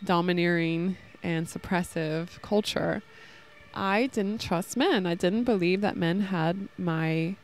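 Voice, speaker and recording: Earnest gravelly-voiced woman talking outdoors. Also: lowish voice, slow, a little hiss or hum. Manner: earnest, rambling, heartfelt. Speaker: podcast host. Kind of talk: casual spiritual talk. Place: outdoors in a park. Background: children playing nearby.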